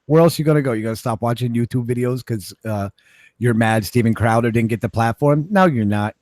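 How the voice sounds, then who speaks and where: A man's voice: mid-range voice, a little fast, darkish tone, dry recording. Blunt, profane man in a dry room. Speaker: podcast co-host. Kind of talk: casual opinion chat.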